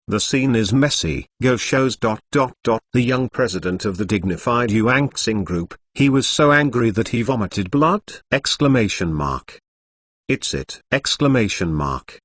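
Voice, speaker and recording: A man's voice: mid-range voice, fairly bright tone, no room sound, studio quality. A text-to-speech male voice reading a translated web novel and speaking the punctuation marks aloud. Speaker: narrator. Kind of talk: machine-read web novel narration.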